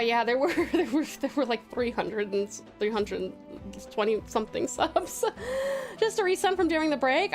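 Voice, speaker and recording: An Australian woman from Tasmania streaming live, chatting casually and affectionately, giggling and calling her viewers darling and sweetheart. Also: high-pitched. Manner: affectionate, giggly, calls viewers pet names.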